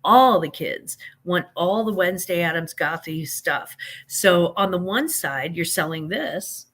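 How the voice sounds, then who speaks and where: Woman, 50s, fairly low pitch, folksy, chatty livestream host. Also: expressive, measured pace, fairly bright tone. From American Midwest. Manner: chatty, greets viewers by name, folksy. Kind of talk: casual live chat with viewers.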